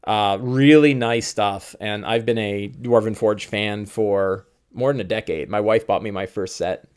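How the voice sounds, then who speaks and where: Middle-aged male streamer, lowish voice, casual rambling chat, self-corrects. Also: fairly even intonation, a little slow, darkish tone, clear, resonant tone. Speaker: game master streamer.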